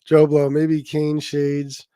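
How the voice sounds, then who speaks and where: A man's voice: a little high, completely flat delivery, slow, warm tone, smooth, dry recording. A man hosting a livestream, giving a rambling, profane commentary full of fillers. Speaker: livestream host. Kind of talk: ranting commentary.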